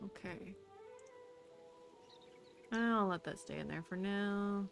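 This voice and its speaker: A woman's voice: medium pitch, takes it slowly, vocal fry, faint music behind. A young woman streaming a game, chatting casually to herself and to the creatures she meets. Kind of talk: casual gameplay commentary.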